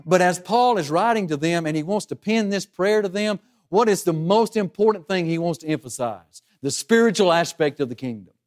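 A high-pitched man preaching with real conviction. He fires rhetorical questions at his congregation, and his voice jumps up and down for emphasis. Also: expressive, a little fast, a little mellow. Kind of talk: sermon.

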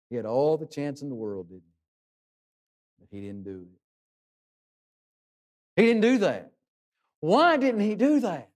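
High-voiced man preaching a sermon. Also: very animated, unhurried, pauses often, a little mellow. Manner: earnest, rising and falling preaching delivery with rhetorical questions.

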